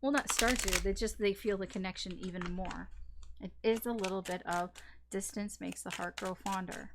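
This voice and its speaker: A woman's voice: mid-range voice, steady tone, moderate pace, background noise. Rambling, casual woman tarot reader. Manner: chatty and rambling, full of fillers, restarts and casual swearing.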